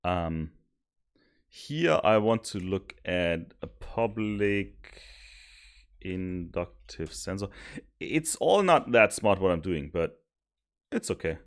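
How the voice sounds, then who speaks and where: A man streaming while he codes, thinking aloud, mocking his own mistakes and sometimes yelling happily. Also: low voice, slow pace, long pauses. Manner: thinks aloud, self-mocking, bursts of excited yelling and laughter. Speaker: streamer coding a simulation tool. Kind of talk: casual live coding commentary.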